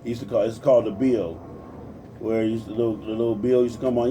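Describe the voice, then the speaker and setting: A man's voice: lowish voice, fairly even intonation, fast talker, warm tone, distant mic, lo-fi sound, a little hiss or hum. A man in his forties from Compton, California, ranting in a casual livestream, cursing freely and greeting viewers by name as he preaches. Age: 40s. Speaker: livestream host.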